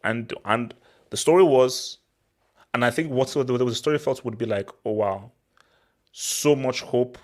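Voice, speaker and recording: A young man from Nigeria hosting a casual football talk, excitable and prone to repeating words as he restarts his sentences. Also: mid-range voice. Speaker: football channel host. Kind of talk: casual football commentary monologue.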